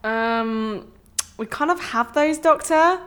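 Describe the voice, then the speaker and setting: A woman's voice: a little high, slow, a bit bright, smooth. A woman playing a polite, hesitant patent office clerk in a comedy sketch.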